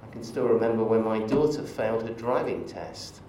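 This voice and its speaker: A man preaching a sermon in a church, relaxed and conversational, leading into stories with asides to the congregation. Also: fairly low pitch, normal speed, a little hiss or hum. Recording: echoey church from far off.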